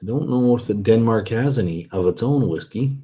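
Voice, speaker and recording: On his whisky vlog, a man chats casually and answers viewer comments, rambling and often correcting himself. He speaks briskly in a fairly low, mellow voice.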